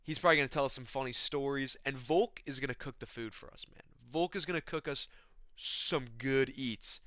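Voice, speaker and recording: A man's voice: mid-range voice, a little fast, sharp tone, no echo, studio quality. A young man rambling in a laid-back, slangy comedic monologue as a vlogger.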